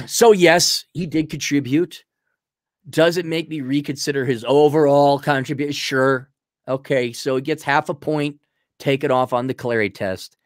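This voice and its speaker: A man hosting a show, answering viewer questions in a heated, profane rant full of halting restarts. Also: medium pitch, no echo, studio quality. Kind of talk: ranting commentary.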